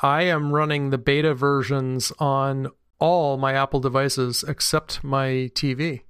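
A man's voice: medium pitch, little pitch movement, a little slow, a bit bright, clean tone, no room sound. A man co-hosting a podcast in casual chat, dry and teasing. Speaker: podcast co-host.

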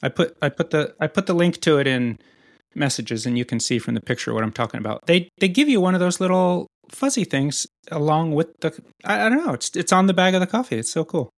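A man's voice: on the high side, big pitch swings, brisk, no echo, clean studio sound. A man co-hosting a podcast in casual chat, teasing his friend and rambling playfully as he talks. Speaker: podcast co-host.

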